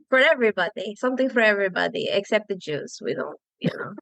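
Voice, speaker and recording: A woman comedian talking casually and teasingly as a podcast guest. Her voice has a gravelly, creaky edge. The sound is close and dry. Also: medium pitch, expressive, normal speed, a bit bright, no echo. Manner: joking, playful, teasing.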